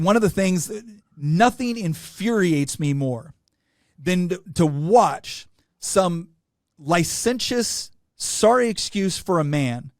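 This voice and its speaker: A man speaking as a guest in an interview, forceful and indignant, repeating himself for emphasis. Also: high voice, no room sound, clean studio sound. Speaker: guest, state delegate. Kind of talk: passionate interview talk.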